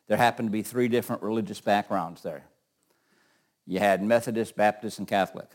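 A man's voice: lowish voice, fairly even intonation, fairly quick. A middle-aged man teaching an informal Bible class, talking in a loose, joking way and often repeating words.

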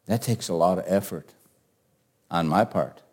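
A pastor with a low voice preaches an unhurried sermon. He asks rhetorical questions and swings between quiet asides and forceful declarations.

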